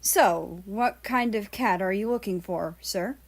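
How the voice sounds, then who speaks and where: A woman's voice: mid-range voice, a little slow. A woman voicing a male animal shelter worker, speaking politely and matter-of-factly in a read-aloud story.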